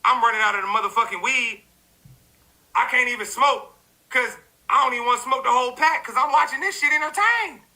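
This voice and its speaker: A man ranting in a profane, rambling social media commentary, animated and full of fillers. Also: very high voice, fairly quick, long pauses, low-quality recording.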